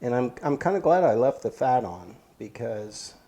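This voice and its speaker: A man's voice: mid-range voice, sing-song, normal speed, dark tone. A man hosting a casual cooking vlog, talking plainly and thinking aloud as he goes. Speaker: cooking channel host.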